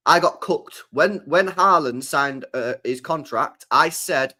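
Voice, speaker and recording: A man's voice: on the high side, takes it slowly, sharp tone. A man hosting a live stream, ranting about football in a repetitive, slangy, sweary way. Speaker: streamer host.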